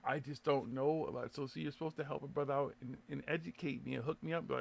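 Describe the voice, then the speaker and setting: Gravelly man, loose live-radio host. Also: fairly high pitch, fast, hardly any pauses. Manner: loose, swearing, laughing, stumbling restarts. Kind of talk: casual live show banter.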